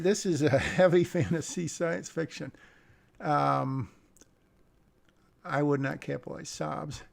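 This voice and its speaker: A man's voice: mid-range voice, normal speed, vocal fry. A man giving a casual critique of a screenplay, thinking aloud with hesitations and muttering lines under his breath. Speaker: screenwriting commentator.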